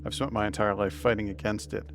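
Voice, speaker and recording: A man's voice: fairly low pitch, flat delivery, quick pace, over music. A man from Massachusetts with an Upstate New York accent, chatting casually with viewers while streaming a game, rambling and self-deprecating. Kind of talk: casual live-stream gaming chat.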